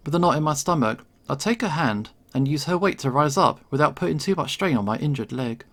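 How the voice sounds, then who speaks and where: A man's voice: mid-range voice, a little fast, creaky, few pauses, a bit bright. A man reading a visual novel aloud in first person, with dramatic expression. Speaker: game reader.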